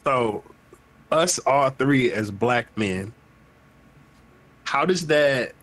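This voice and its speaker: A man's voice: medium pitch, extremely slow. Emphatic, cursing male podcast host. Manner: animated, profane and emphatic. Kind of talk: casual podcast chat.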